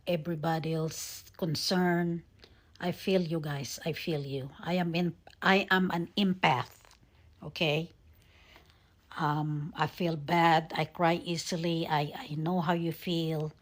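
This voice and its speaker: A woman talking casually to her viewers, earnest and emotional, halting often with fillers and sometimes dropping to a soft whisper. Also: deep voice. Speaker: vlogger. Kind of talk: casual talk to camera.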